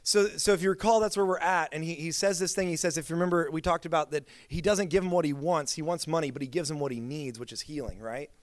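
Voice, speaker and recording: A man's voice: fairly high pitch, steady tone, fast talker, few pauses, no room sound, studio quality. A man preaching a sermon as pastor, telling stories in a casual, chatty way with lots of filler words. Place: church.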